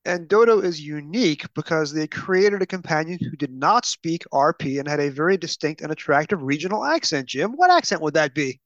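A man's voice: fairly high pitch, lively intonation, a little fast, few pauses, fairly bright tone. A man hosts a podcast with a slightly raised voice and wry, prompting remarks. The sound is dull and lo-fi, and the room adds no echo. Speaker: podcast host. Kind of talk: casual chat. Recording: dull, dry lo-fi audio.

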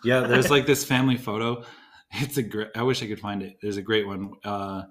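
Laid-back man with a lowish voice. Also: fairly even intonation, a little fast. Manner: laughs often, playful teasing. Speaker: podcast co-host. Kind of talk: casual chat.

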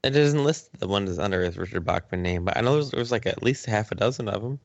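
A man's voice: fairly low pitch, fast, no room sound. A man with a mid-range voice hosts a laid-back podcast segment, reading trivia and swearing easily. The audio is dry and somewhat muffled. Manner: relaxed, swears often, laughs easily. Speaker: podcast host. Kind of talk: casual chat reading trivia.

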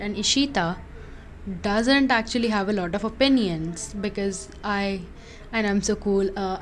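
A woman's voice: medium pitch, slight background noise. A young woman co-hosting a casual podcast, bluntly reading out her sarcastic reactions. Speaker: podcast co-host.

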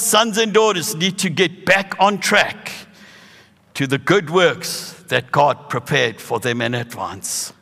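A man in his sixties with a South African accent, preaching a sermon with animated, emphatic bursts. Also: high-pitched, long reverb tail. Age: 60s.

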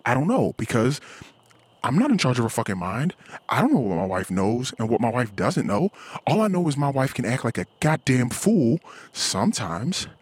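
A man talks into his mic as he walks along a quiet street outside. His voice is husky and very lively in pitch. He rambles and swears freely in a casual solo podcast rant. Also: moderate pace, no echo. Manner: rambling, profane, frustrated; acts out quoted voices. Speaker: podcast host. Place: outdoors, walking in a cul-de-sac.

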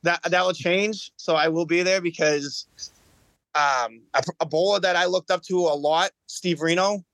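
A man's voice: a little high, moderate pace, fairly bright tone, dry recording. A man, a guest on a podcast, telling his story in earnest, often restarting and repeating words. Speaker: guest, bowling champion. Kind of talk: casual podcast chat.

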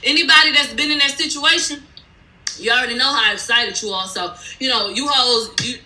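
A woman's voice: high-pitched, pushed and bright, echoey room, low-quality recording. A woman giving a blunt, profane, sassy recap of a reality TV episode in casual speech.

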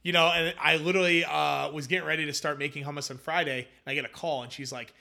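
A young man with a bright, forceful tone and a slightly raised voice tells his founder's story in a casual interview. He is animated and slips into quoted voices as he goes. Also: a little high, rapid-fire, creaky. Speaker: hummus company founder, guest.

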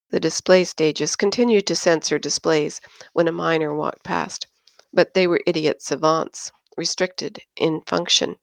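Slow, low-voiced woman narrating an audiobook. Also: fairly even intonation, gravelly, no echo.

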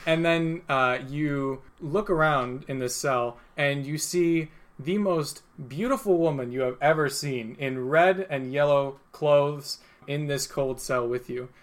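A man's voice: a little high, a little slow, few pauses. Rambling young man running a tabletop game. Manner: rambling, filler-heavy, chuckling narration. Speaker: game master.

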